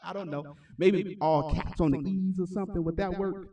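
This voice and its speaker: A man hosting a livestreamed recital as the music school's founder, with energetic, repetitive hype-man talk. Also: high-pitched, moderate pace, distant mic, lo-fi sound. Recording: echoey room, voice off-mic.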